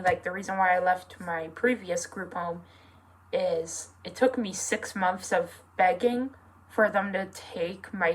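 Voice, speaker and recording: A young adult with a feminine voice opens up in a personal vlog, speaking slowly and haltingly. The talk is earnest and full of fillers, and the emotion sometimes pushes close to tears. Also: female voice, medium pitch, rough recording. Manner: emotional, near tears at times. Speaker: vlogger.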